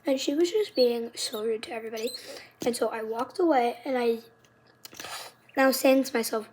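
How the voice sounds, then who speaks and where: Chatty high-voiced girl telling drama. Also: expressive, normal speed, a little mellow, husky. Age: child, fifth grader. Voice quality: high, youthful, shifts into whispered asides. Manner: chatty, dramatic retelling with many "like"s. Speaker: vlogger. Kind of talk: casual storytelling vlog.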